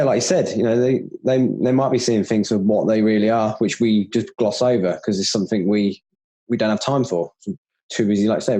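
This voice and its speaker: A man hosting a casual podcast chat, relaxed, laughing often and swearing now and then. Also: lowish voice, slightly rough.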